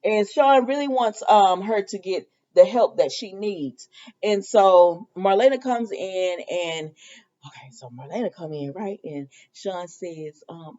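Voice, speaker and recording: Casting: lively woman soap recapper, chatty, swinging voice, lo-fi recording. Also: on the low side, measured pace. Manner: animated, laughing, acts out quotes. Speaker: soap opera recap vlogger.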